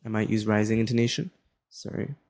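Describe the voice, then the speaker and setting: A young man, explaining a lesson in a relaxed, casual way and often checking in with "right?". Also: on the low side, fairly quick. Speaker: tutor.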